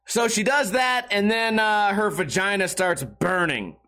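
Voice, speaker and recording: A man's voice: high-pitched, a little slow, bright, forceful tone. A young man rambling through a crude, self-mocking comedic monologue as a podcast host.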